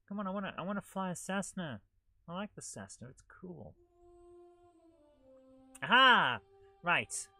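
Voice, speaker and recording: A man's voice: high voice, sing-song, a little fast, gravelly, faint music behind. A man hosting a live gameplay stream, talking in an exasperated, grumbling way as things go wrong.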